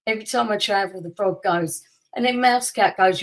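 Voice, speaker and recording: A woman, a podcast co-host telling a personal story in casual chat. She tells it with lively energy, acting out quotes and laughing often. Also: medium pitch, normal speed, poor audio.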